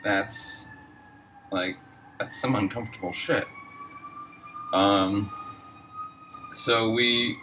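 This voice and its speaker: A man's voice: lowish voice, drawn-out words, long pauses, recorded from a distance, background noise. A man casually telling a personal story, rambling and profane, heavy on fillers. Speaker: storyteller host.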